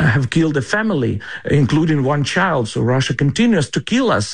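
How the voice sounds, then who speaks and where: A man being interviewed, speaking English as an in a gravelly, fry-edged voice. He pauses often, filling gaps and restarting his sentences as he builds his answers. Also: medium pitch. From Ukraine. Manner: halting, with many fillers and restarts. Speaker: politician interviewee. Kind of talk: news interview.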